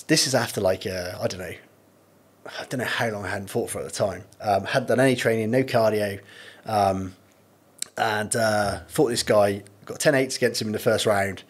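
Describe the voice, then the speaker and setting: Brief: bloke, low husky voice, casual swearing storyteller on a podcast. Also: male voice. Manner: laid-back, swears freely, laughs through anecdotes. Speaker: podcast guest.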